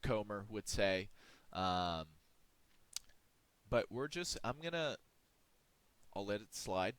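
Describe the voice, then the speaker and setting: A man giving a comedic, mock-preachy monologue, drawing out words with dramatic pauses. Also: fairly low pitch, expressive, a bit bright, clean tone, dry recording. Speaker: video creator ranking game classes.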